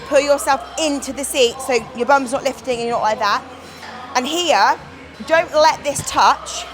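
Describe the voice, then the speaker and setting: A woman's voice: high voice, poor audio. Chatty woman coaching in a gym. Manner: chatty, candid, swears casually. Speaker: bodybuilding competitor. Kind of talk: casual gym vlog talk. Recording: music playing behind.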